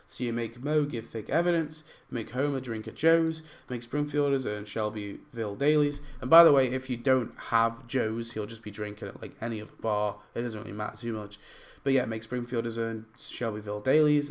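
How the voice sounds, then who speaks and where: A young man with a hoarse, worn voice, casually rambling through game ideas with lots of fillers as a YouTube host. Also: mid-range voice. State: losing his voice. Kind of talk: casual commentary over gameplay.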